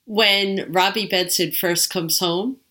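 A woman with a bright, clear tone co-hosts a podcast in casual chat. She rambles through her thoughts, scattering "like" fillers as she goes. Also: mid-range voice, fairly even intonation, slow. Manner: chatty, rambling with many "like" fillers. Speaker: podcast co-host.

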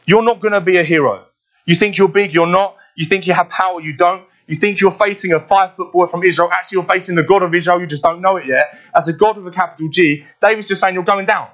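A preacher acting out a defiant young shepherd taunting a giant. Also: male voice, high-pitched, steady tone, quick pace, fairly bright tone, lo-fi sound. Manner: bold, taunting, emphatic.

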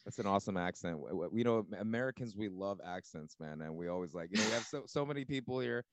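A man's voice: lowish voice, animated, fast talker. A man hosting a casual podcast, laid-back and chatty, dropping "man" and "you know" often. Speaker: podcast host, DJ. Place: Los Angeles studio.

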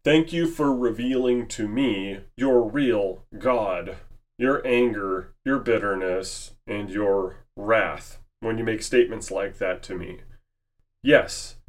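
A male preacher delivers a sermon at an unhurried, measured pace, his voice sitting at an everyday middle pitch. He leans on rhetorical questions and lets his points land.

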